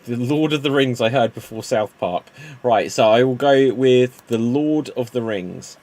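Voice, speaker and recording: A man hosting a live improv show, chatty and lively. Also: mid-range voice, a little slow. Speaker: improv host.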